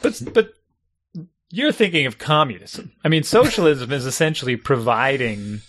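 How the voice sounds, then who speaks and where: A middle-aged man in casual chat as a podcast co-host, animated and laughing often, with frequent restarts. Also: mid-range voice, moderate pace.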